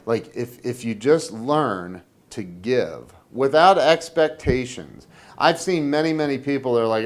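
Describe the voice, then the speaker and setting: A man hosting his own business web show, talking casually to camera and rambling with many restarts, getting excited as he tells a story. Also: on the high side, measured pace. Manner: gets excited telling a story.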